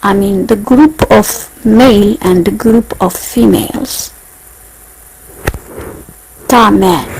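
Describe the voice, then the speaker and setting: A woman teaching a beginner language lesson, speaking slowly and carefully and repeating each point. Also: a little high, dark tone, a little hiss or hum, poor audio. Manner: slow, repetitive, careful enunciation.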